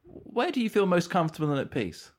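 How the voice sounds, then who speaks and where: A man's voice: high-pitched, very animated, quick pace. Male podcast co-host asking questions. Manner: friendly, asks questions. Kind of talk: casual interview.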